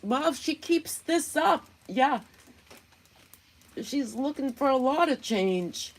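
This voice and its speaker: A woman putting on a slow, melodramatic Southern drawl to parody a self-pitying woman, as an impression within casual commentary. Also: sits high, expressive, voice pushed up, heavily acted. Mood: preachy. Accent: put-on Southern US.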